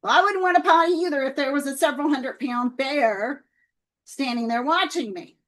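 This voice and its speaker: A woman talking casually to her viewers, telling faith stories in a chatty, lively way. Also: high-pitched, moderate pace, poor audio. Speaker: Christian author and video host.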